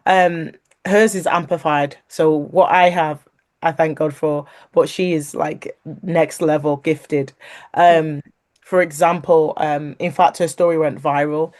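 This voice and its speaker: In a low voice and at a slow pace, a woman tells her own story of faith as a guest. She's lively about it, breaking into laughter and imitating the voices of people she quotes.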